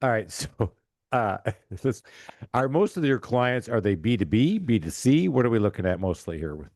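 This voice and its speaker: A man's voice: medium pitch, very animated, moderate pace, darkish tone, dry recording, studio quality. A man hosting a casual interview podcast, joking around and acting out silly phone-call skits. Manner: jokey, acts out silly caller skits. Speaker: podcast host.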